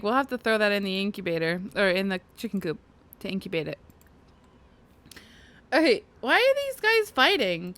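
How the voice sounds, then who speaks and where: A woman's voice: medium pitch, big pitch swings, moderate pace, pauses often, fairly bright tone. A woman in the middle of her vocal range gives easygoing commentary over her gameplay. She's chatty and giggly, often breaking into laughter and talking straight to the characters on screen. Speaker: gaming video host. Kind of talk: casual let's-play commentary.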